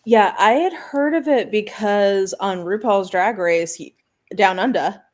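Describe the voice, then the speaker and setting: A woman in a casual book club call over video, telling stories in a rambling, animated way. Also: mid-range voice, measured pace.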